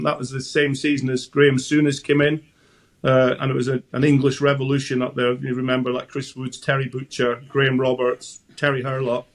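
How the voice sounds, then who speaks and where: A Scottish man in his sixties, a former goalkeeper, chatting as a guest and telling anecdotes with frequent restarts. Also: mid-range voice. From Scotland. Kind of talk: casual interview chat.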